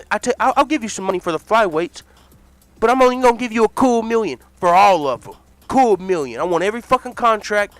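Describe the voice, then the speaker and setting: A man's voice: sits high, fairly bright tone, dry recording. A man playing a coaxing, scheming fight promoter. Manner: slow, earnest, coaxing, then bossy. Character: pleading middle-aged male fight promoter, scheming businessman.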